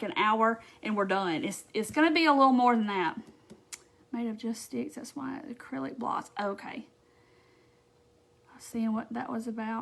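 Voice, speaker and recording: A chatty woman, talking to her viewers on a casual craft live stream. Her voice sits a little high, and she keeps things bubbly and loose, full of "um"s and quick asides. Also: a bit bright. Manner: chatty and bubbly, with frequent fillers and quoted asides.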